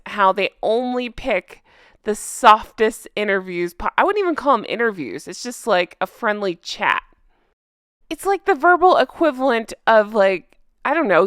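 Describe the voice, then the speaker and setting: A woman's voice: mid-range voice, fairly bright tone, smooth, dry recording, clean studio sound. A woman hosting a casual commentary vlog, sarcastic and laughing often. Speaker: commentary channel host. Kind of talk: casual commentary vlog, reading news aloud.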